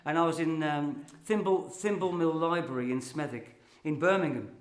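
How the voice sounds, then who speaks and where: A man's voice: on the high side, normal speed. Older English man with a Midlands accent, performing comic verse. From England. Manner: chatty storytelling with rhyming verse. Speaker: poet performer. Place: small hall before a live audience. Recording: roomy hall sound.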